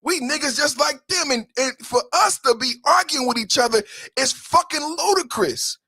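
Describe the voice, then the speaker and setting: A man's voice: extremely high pitch, animated, moderate pace, sharp tone, no echo, studio quality. A man hosting a solo podcast, ranting in a heated, emphatic way with frequent profanity. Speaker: podcast host.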